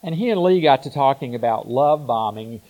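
A man preaching a sermon in a slow, reflective way, pausing and restarting his phrases as he thinks aloud. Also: medium pitch, animated, phone-quality sound.

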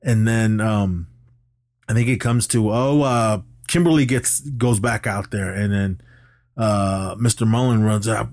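A man's voice: lowish voice, measured pace, no room sound, clean studio sound. A man co-hosting a podcast, casually recapping a movie plot and acting out the characters' lines. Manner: animated retelling, acts out characters' lines. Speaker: podcast co-host.

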